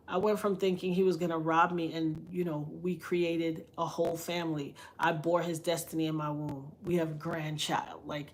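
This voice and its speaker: A middle-aged woman telling a personal story in a heartfelt, conversational way, often repeating lines for emphasis. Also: fairly low pitch. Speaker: interviewee.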